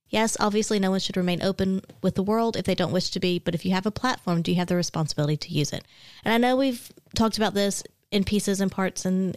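Podcast co-host: relaxed woman, easy laugh, mid pitch, dry close recording. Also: dry recording. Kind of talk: casual chat.

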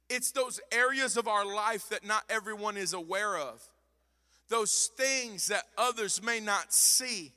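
A man in his thirties preaching a sermon as pastor, moving from hushed passages to shouted ones and acting out the voices he quotes. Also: high voice, in a large hall.

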